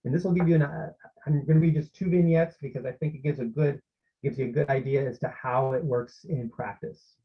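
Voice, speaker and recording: A man's voice: medium pitch, fairly even intonation, fairly quick, breathy edge. A man presenting a parenting workshop over a video call, in a conversational way with many fillers and restarts. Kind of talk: informal online workshop talk. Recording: slightly muffled lo-fi audio.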